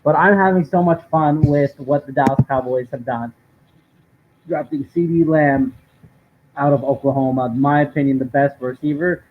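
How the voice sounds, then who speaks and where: A man's voice: a little high, normal speed. Upbeat male sports co-host, tinny sound. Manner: upbeat, talkative, frequent "uh" fillers. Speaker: co-host of a live draft stream. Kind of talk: casual sports commentary. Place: at home. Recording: tinny lo-fi stream audio with faint noise.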